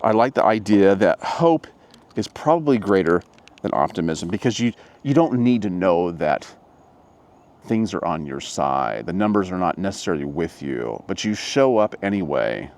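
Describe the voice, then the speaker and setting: Low, lively-voiced man musing outdoors. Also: moderate pace. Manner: musing, rambling, with frequent restarts. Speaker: motivational vlogger. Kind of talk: casual reflective monologue.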